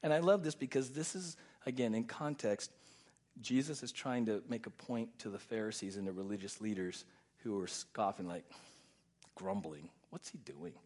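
A man preaching a sermon as pastor, emphatic and repetitive, often dropping soft and low to stress a point. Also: moderate pace.

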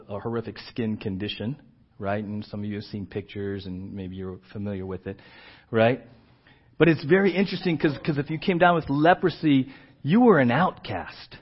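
A man preaching a sermon as a pastor, engaging the listeners with frequent rhetorical "right?" and dramatic emphasis. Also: on the high side. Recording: dull lo-fi church audio.

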